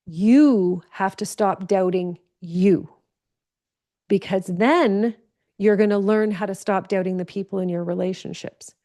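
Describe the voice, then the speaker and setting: A woman's voice: medium pitch, unhurried, warm tone. A woman giving an earnest spiritual teaching talk, stressing points by repeating phrases.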